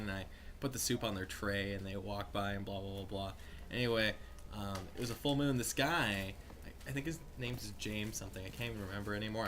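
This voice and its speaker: A man's voice: on the low side, a bit bright. Rambling young man, noisy recording. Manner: rambling, profane, full of fillers. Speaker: storyteller. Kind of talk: casual story among friends.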